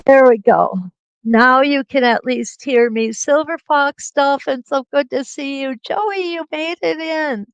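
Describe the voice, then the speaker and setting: Over a computer webcam mic, a middle-aged woman running a live quilting stream laughs and chats casually, calling out viewers by name. Her high voice moves at an unhurried pace, and the recording is muffled with no echo.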